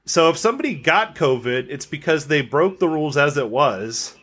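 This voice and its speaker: A man's voice: a little high, animated, moderate pace, a bit bright. Sarcastic young man ranting on a podcast. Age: young adult. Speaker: podcast co-host. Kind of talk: casual podcast chat.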